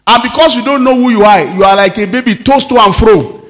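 A man, a pastor preaching a sermon with sudden shouts and low, emphatic drops. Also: brisk, faint music behind.

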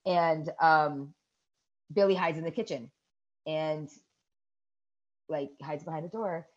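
A woman in her thirties co-hosting a podcast, casually retelling a movie scene by scene, swearing and shrieking the characters' yells. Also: low voice, slow, long pauses, dull audio. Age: 30s. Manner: animated storytelling with loud shrieks and swearing. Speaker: podcast co-host. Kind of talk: casual chat recapping a movie.

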